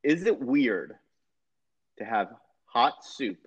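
A man's voice: medium pitch, sing-song, slow pace, breathy edge, dull audio. A man in his thirties co-hosting a podcast in casual chat, rambling and repeating himself. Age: 30s. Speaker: podcast co-host.

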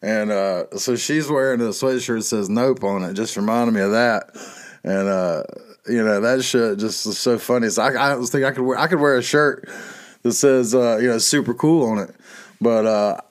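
A man's voice: mid-range voice, moderate pace. Middle-aged guy, cussing a lot, rambly solo podcast rant. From North Carolina, USA. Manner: profane, rambling, laughs at his own jokes. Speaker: podcast host. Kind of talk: casual monologue.

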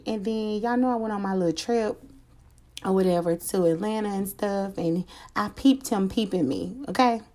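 A woman's voice: mid-range voice, dark tone. A woman telling a personal story to her viewers in a casual storytime chat, candid and slangy, swearing freely.

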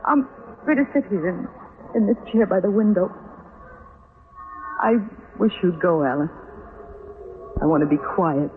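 Halting, heartsick young woman, old radio play, tinny broadcast with faint hiss. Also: fairly low pitch, lively intonation. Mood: brooding. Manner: emotional, halting, breathless pleading. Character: young woman desperately, obsessively in love. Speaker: lovesick heroine. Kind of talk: old-time radio drama acting.

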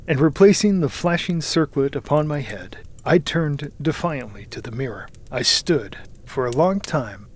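A man reading a first-person story aloud in a measured, dramatic manner, sometimes sinking to a hushed whisper. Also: mid-range voice, slight background noise. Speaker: audiobook narrator. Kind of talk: scripted first-person narration.

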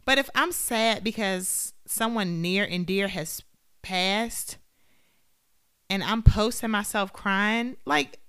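Emphatic woman with smooth voice. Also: mid-range voice, slow, no room sound, studio quality. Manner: animated, emphatic, opinionated. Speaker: podcast co-host. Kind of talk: casual chat.

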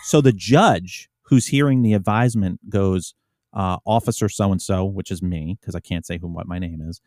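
A man who hosts a podcast for police officers, telling a story in a laid-back way and dropping to a low mutter on quoted lines. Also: moderate pace, a little mellow, dry recording, clean studio sound. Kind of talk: casual storytelling.

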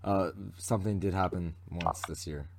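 A man's voice: sits low, moderate pace, noisy background. A teenage boy from Canada, co-hosting a podcast and telling a rambling story full of fillers and restarts. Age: teens. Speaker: podcast co-host. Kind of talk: casual chat.

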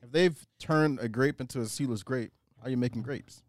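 Fast-talking man telling rambling stories. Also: medium pitch. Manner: rambling storyteller, animated. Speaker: podcast co-host. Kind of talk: casual chat.

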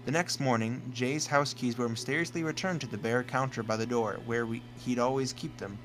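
A man's voice: medium pitch, brisk, a bit bright, low-quality recording. A man co-hosting a comedy podcast, reading a scary story aloud and chatting casually, often stumbling, restarting and laughing mid-sentence. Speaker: podcast co-host.

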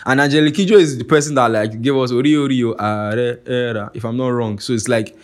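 A man's voice: mid-range voice, fast talker. Nigerian man in casual podcast talk. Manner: animated and profane, keeps asking "you get what I'm saying". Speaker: podcast host. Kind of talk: casual monologue.

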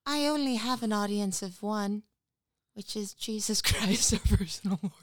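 A woman's voice: mid-range voice, normal speed, no echo. A woman co-hosting a podcast, talking in a playful, theatrical way in casual chat. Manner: playful, theatrical, hopped up on caffeine. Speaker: podcast co-host.

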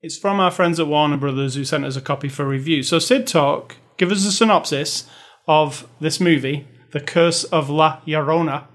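A man's voice: fairly high pitch, normal speed, fairly bright tone. A man hosting a movie review podcast, chatting casually and laughing often. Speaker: podcast host. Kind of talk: casual chat.

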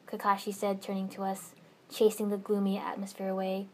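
A woman narrating a first-person story aloud in a steady, expressive reading voice. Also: mid-range voice, brisk, slight background noise.

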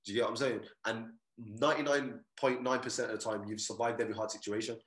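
A man in his late twenties, a mindset coach telling his story in a casual podcast chat, animated and often checking "you get me". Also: medium pitch, fast, echoey room.

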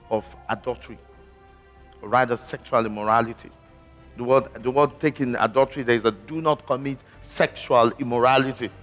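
A man preaching a sermon slowly and emphatically, with repeated interjections of praise. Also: mid-range voice. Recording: long hall reverb with faint music.

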